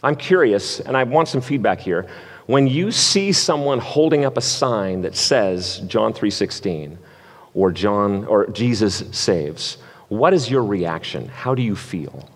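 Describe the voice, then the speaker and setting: Man, pastor, sermon, playful and energetic, long reverb of a church hall. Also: fairly low pitch, measured pace. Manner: playful, energetic game-show hosting. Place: church sanctuary.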